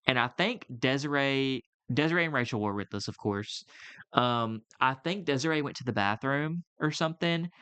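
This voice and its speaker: A man's voice: mid-range voice, a bit bright, smooth, dry recording. A young man co-hosting a podcast, telling a story in a casual, rambling way with lots of fillers and restarts. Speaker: podcast co-host. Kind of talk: casual chat.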